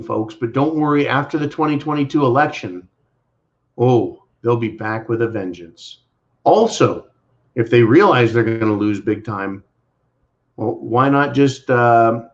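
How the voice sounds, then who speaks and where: A man's voice: mid-range voice, a little slow, lo-fi sound. An American man hosting his own channel, giving sarcastic political commentary and addressing his listeners as folks. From United States. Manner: mocking, repeating sarcastic catchphrases, calls listeners folks. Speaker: channel host.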